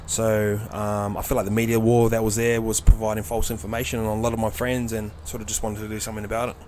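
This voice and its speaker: Fast-talking New man, swears freely. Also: fairly low pitch, a little hiss or hum. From New Zealand. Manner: swearing, animated retelling of stories. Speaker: podcast guest. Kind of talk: casual chat.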